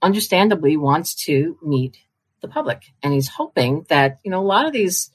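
A woman's voice: low voice, animated, moderate pace, slightly rough. An older woman, a publishing marketing executive, telling stories in a casual chat and acting out the voices she quotes. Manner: chatty, acts out quoted voices. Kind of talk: casual storytelling in a conversation.

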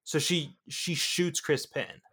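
A man co-hosting a podcast, chatting about a film in a relaxed, slightly hesitant way. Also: fairly high pitch, takes it slowly, husky. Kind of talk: casual film review chat.

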